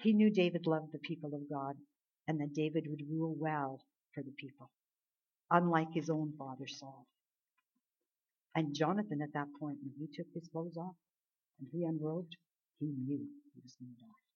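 A woman's voice: low-pitched, normal speed, pauses often, husky. A woman preaching a sermon, retelling a Bible story earnestly and emphatically, with rhetorical questions to her listeners. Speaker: Bible teacher. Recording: dull lo-fi recording.

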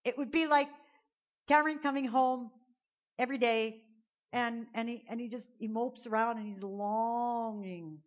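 A woman's voice: fairly high pitch, fairly even intonation, unhurried. A woman pastor preaching a sermon at a church service, earnest and conversational, often repeating words as she builds a point. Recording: dull lo-fi sound.

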